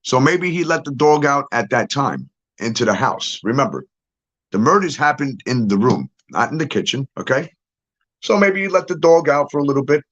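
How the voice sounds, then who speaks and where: Profane, animated man ranting on lo-fi audio. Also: mid-range voice. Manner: blunt and profane, keeps asking "okay?". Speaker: true-crime commentator. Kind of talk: casual ranting monologue. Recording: dull lo-fi audio.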